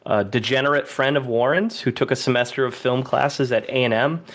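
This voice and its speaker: A man's voice: medium pitch, fairly quick, a bit bright. Joking male podcast host. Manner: joking, playfully teasing. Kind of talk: casual chat.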